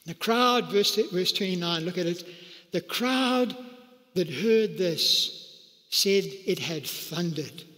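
A man delivers a sermon in a high-pitched voice. He preaches with animated energy and leaps into a higher register to act out the quoted lines. The sound rings with the long reverb of a large church hall. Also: slow. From South Africa. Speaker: pastor.

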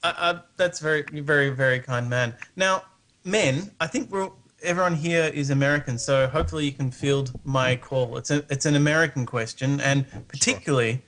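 A man's voice: fairly high pitch, normal speed, a bit bright. A man from Australia with an Australian accent, calling in to a casual chat and asking questions with many hesitant restarts. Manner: hesitant, restarts often, curious. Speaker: guest calling in.

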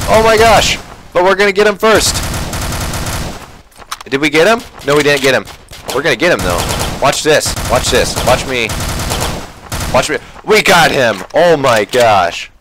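A man giving excitable commentary while he plays a shooter game, exclaiming at kills and muttering to himself between rounds. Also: mid-range voice, background noise. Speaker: gaming channel host. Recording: faint gunfire and game sounds behind. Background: faint game gunfire.

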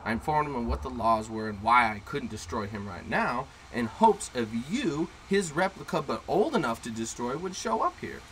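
A man co-hosting a casual podcast, telling a story in a brash, profane, animated way, recorded in a car. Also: medium pitch, normal speed, few pauses, slight background noise, rough recording. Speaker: podcast co-host. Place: inside a car.

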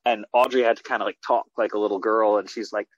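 A male filmmaker talking casually in an interview over a video call, rambling excitedly with many restarts and fillers. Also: lowish voice, fast. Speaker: filmmaker guest. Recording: dull lo-fi video call audio.

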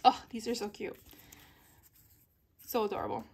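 A woman in a casual craft haul video, reading sticker captions aloud slowly and giggling at the puns. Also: a little high, lively intonation, breathy edge. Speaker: papercraft vlogger.

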